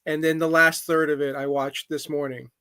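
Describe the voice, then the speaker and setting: A man's voice: fairly high pitch, flat delivery, normal speed, bright, forceful tone, clear, resonant tone, no echo, clean studio sound. A man co-hosting a podcast in casual chat, talking with many fillers and restarts. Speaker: podcast co-host.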